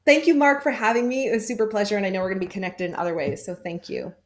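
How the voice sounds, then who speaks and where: A woman's voice: mid-range voice, very fast. Encouraging woman guest on a podcast. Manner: encouraging, laughs easily. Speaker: guest sales coach. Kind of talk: podcast interview.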